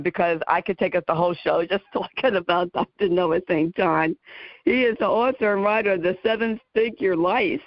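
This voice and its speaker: A woman's voice: on the low side, dry recording. A woman with a New Jersey accent hosting a radio talk show, chatty as she introduces her guest. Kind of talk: radio interview. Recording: dry, dull lo-fi radio audio.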